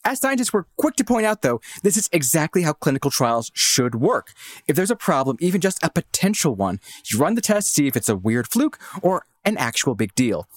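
Male podcast news co-host, fairly high voice, very animated, dry studio sound. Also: fairly quick, no room sound. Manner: lively, wry, expressive delivery. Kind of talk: scripted news reading and casual banter.

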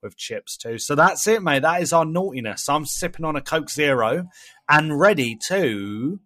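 A man's voice: on the high side, normal speed, no room sound. A man co-hosting a podcast, telling anecdotes with lots of laughter. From England. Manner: laughing storyteller, animated impressions. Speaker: podcast co-host. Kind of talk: casual chat.

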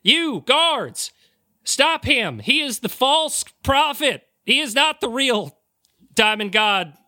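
A man's voice: very animated, takes it slowly, pushed and bright, no room sound, clean studio sound, full character voice. A man playing a pompous fake deacon who preaches grandly to a church crowd. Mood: grandiose. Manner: booming, grandiose, theatrical. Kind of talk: improvised tabletop role-play.

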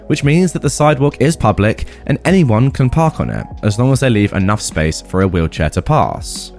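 A man reading a story aloud and then commenting on it casually, in an animated way. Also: medium pitch.

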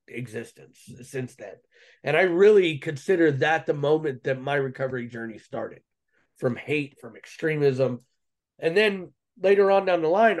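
An earnest man tells his own story in a loose, rambling way, full of "uh", "like" and "man", often restarting his sentences. His voice sits a bit high for a man. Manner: earnest, rambling, heavy fillers and restarts, says "man" and "dude". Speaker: interview guest. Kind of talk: casual personal storytelling.

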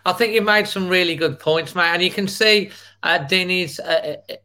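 A man's voice: high voice, moderate pace, sharp tone. A man hosting a casual online fan show, friendly and calling his guests mate. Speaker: host. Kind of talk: casual chat.

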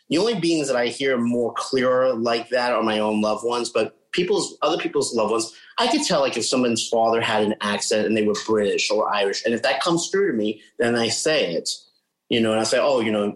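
A man talks casually as a guest, explaining things with lots of asides. He is animated and throws in little impressions of other people's voices. His voice sits at an ordinary middle pitch. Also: rough recording. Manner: chatty, animated, imitates voices he describes. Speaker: psychic medium guest. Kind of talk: casual interview talk.

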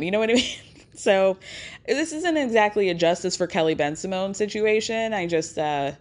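A woman's voice: medium pitch, animated. A woman podcast host telling a story in a chatty, wry way. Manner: chatty, wry, acts out quotes in quick impressions. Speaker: podcast host recapping a reality show. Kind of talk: casual recap storytelling.

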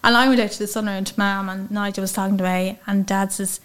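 A woman with an Irish accent, a guest telling a personal story in a lively, chatty way. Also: mid-range voice, fast talker, clean tone. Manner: chatty, lively, acts out quoted speech. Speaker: interview guest.

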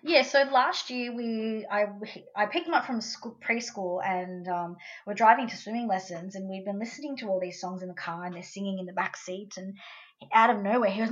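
A woman's voice: medium pitch, moderate pace, lo-fi sound. A woman with an Australian accent, a guest in an interview, telling a personal story in a casual, conversational way. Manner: conversational storytelling, quotes her son in a lively voice.

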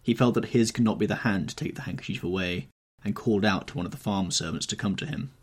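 A man narrating a classic novel chapter for a podcast in a measured, dramatic storytelling manner. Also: fairly low pitch, husky. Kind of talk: scripted narration.

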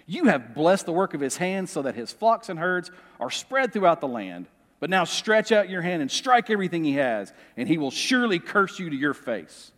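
A preacher reading a sullen, scornful Satan. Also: male voice, high voice, big pitch swings, normal speed, a bit bright, in a large hall. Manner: read aloud from scripture with emphasis.

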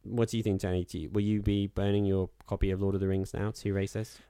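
A man's voice: low-pitched, flat delivery, fast talker, warm tone, clear, resonant tone, dry recording, clean studio sound. A man co-hosting a podcast, talking through films in a rambling, wry way with lots of fillers. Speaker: podcast co-host. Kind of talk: casual film discussion.

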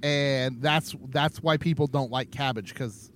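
A man's voice: medium pitch, unhurried, a little hiss or hum. A man co-hosting a podcast in casual chat, jokey and playful, laughing often. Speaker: podcast co-host.

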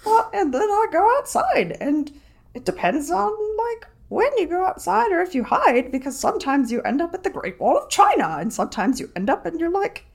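A woman's voice: very high-pitched, very animated, moderate pace, vocal fry, pitched above the performer's own voice, heavily acted. Woman putting on a chirpy British storyteller.

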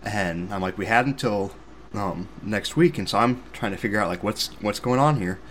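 Low-voiced young man telling a story. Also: normal speed, a little hiss or hum. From Missouri, USA. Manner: animated, self-deprecating, sarcastic asides. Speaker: podcast host. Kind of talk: casual storytelling chat.

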